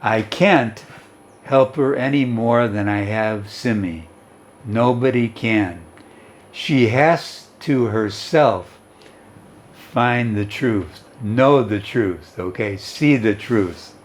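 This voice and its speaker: A man voicing a grieving mother who speaks slowly and firmly to her daughter in a read-aloud story. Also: mid-range voice, close to an everyday voice. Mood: firm, tender. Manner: slow, firm, deliberate delivery. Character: loving, grieving mother, firm and slow.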